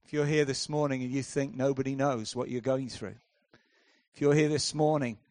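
A man preaching a sermon, swinging between hushed, slow lines and loud, driving ones. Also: medium pitch, fairly even intonation, no room sound. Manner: dramatic swings from hushed to loud, acts out voices.

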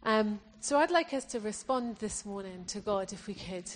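A woman's voice: medium pitch, lively intonation, moderate pace, a little hiss or hum. A woman preacher from England giving an earnest sermon, often restarting her phrases as she exhorts the congregation.

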